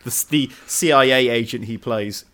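A man co-hosting a podcast in casual chat, tossing in jokes and quick asides. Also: mid-range voice, sharp tone. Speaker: podcast co-host.

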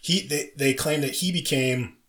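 A man's voice: medium pitch, moderate pace, a bit bright. Guy on a podcast rambling happily about film easter eggs, loose and casual. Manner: enthusiastic movie trivia, rambling with restarts. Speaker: podcast co-host. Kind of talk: casual chat.

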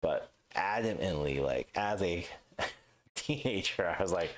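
A man's voice: sits low, animated, measured pace, slight background noise. A man in his thirties co-hosting a podcast, chatting casually, swearing freely and acting out what other people said. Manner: profane, ranting, acts out quoted voices. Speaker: podcast co-host. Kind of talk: casual chat.

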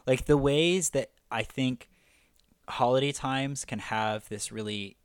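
A man co-hosts a casual podcast chat, talking in a loose, rambling way full of "like" fillers. His voice sits at a middle pitch for a man. The recording is dry and close, with no room sound. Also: slow pace, smooth, no room sound. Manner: chatty, heavy use of "like", enthusiastic. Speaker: podcast co-host.

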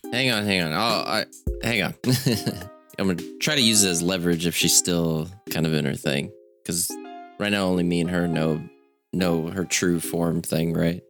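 A man playing his character in a tabletop game, quick and rambling. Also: low-pitched, steady tone, a bit bright, soft background music.

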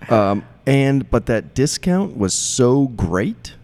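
A man in casual chat about his brewery, halting and repeating words as he starts his thoughts. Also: mid-range voice, very animated, a little mellow. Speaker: brewery co-owner.

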